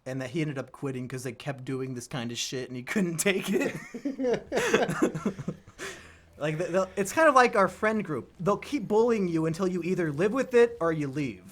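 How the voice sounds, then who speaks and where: A man chatting casually with a friend while they play a video game, an animated storyteller who bursts into shouted impressions and laughter. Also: on the high side, normal speed. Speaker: let's play co-host.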